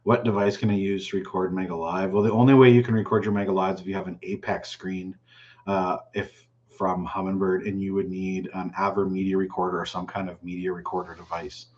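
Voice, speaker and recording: A man hosting a fishing channel's live chat, reading viewer questions aloud and answering them in a relaxed, chatty way. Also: low-pitched, brisk, highs cut off. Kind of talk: casual live stream chat.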